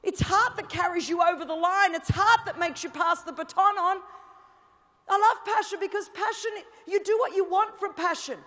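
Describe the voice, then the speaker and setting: Australian woman preacher, high voice, animated storyteller who builds to shouting. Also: moderate pace. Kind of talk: sermon.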